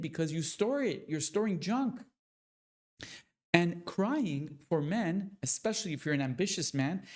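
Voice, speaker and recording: A man giving a motivational talk to other men, speaking with slow, deliberate, preacher-like emphasis. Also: a little high, a little mellow. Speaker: motivational coach.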